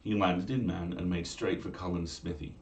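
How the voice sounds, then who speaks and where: A man reading a fairy tale aloud at home in a measured, old-fashioned style for a bedtime story stream. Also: low-pitched, fairly even intonation, roomy sound, distant mic.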